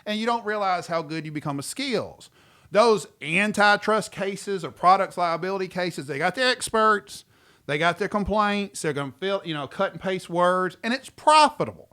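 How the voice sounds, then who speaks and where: Male podcast co-host, animated and jokey, a bright forceful voice that sits a little high. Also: normal speed, clean tone. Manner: animated, jokey, interrupts often. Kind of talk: casual podcast chat.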